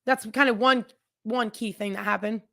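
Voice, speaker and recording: A woman's voice: a little high, fairly even intonation, moderate pace, creaky, sharp tone. Chatty woman podcast host, candid, rambling. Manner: candid, chatty, addresses listeners directly; rambling with frequent restarts and asides. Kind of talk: personal storytelling, casual chat.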